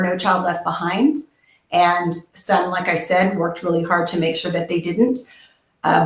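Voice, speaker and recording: A woman education researcher giving an earnest, passionate webinar presentation over a video call. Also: medium pitch. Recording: echoey room.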